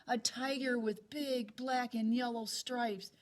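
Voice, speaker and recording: Jimmy is a curious, brave little boy from a storybook, talking in a hushed, eager way with a raised, childlike pitch as a teacher reading aloud puts him on. He comes across slow and careful. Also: fairly even intonation. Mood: wondering.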